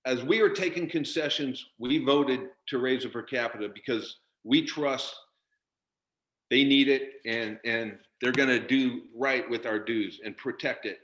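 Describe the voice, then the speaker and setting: During a union virtual town hall, a member on a video call furiously questions leadership, swearing and repeating himself. His medium-pitched voice is a bit bright, and he speaks unhurriedly.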